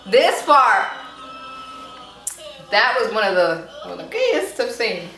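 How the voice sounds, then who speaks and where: A woman's voice: a little high, sing-song, slow, long pauses, a bit bright. A young woman hosting a casual reaction video, chatty and giggly, playfully voicing the people she watches. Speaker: YouTube reaction host. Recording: echoey room with faint noise.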